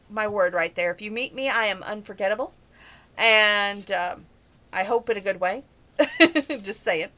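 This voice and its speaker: A woman's voice: on the high side, sharp tone. A young woman answering viewer questions in a casual, opinionated chat that grows heated on some topics.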